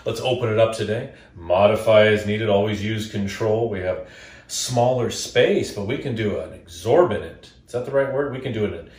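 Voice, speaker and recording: A man's voice: on the low side, normal speed, a little mellow, echoey room. A man teaching a guided yoga class, cueing breath and poses and joking between them. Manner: playful, cues breathing and poses. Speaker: yoga instructor. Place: indoor room before a green screen.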